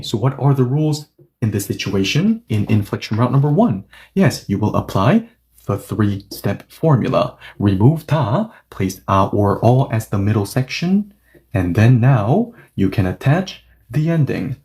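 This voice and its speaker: Mellow-voiced man teaching grammar. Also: on the low side, sing-song, normal speed. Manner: patient, checks understanding often. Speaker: Korean language teacher. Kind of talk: online grammar lesson.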